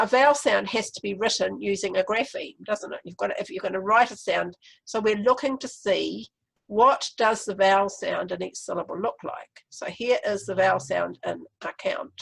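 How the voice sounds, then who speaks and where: A woman's voice: mid-range voice, fairly even intonation, normal speed, vocal fry, fairly bright tone, breathy edge, rough recording. A woman with a New Zealand accent presenting a literacy webinar, explaining classroom activities step by step.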